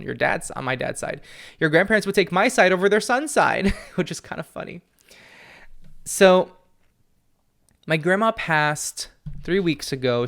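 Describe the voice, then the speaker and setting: Young man, gravelly voice, candid solo podcast talk, mid-range pitch, earnest. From family from Peru. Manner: earnest, candid, often laughing softly. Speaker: podcast host, psychic medium. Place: at home with his dog.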